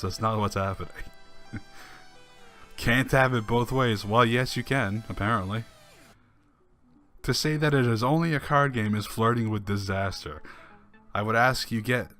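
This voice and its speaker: A man with a fairly low voice reads forum posts out loud, then answers them with dry, sarcastic remarks. He chuckles now and then between the quotes. Soft background music runs underneath. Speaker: online commentator. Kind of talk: reading forum posts aloud with sarcastic commentary.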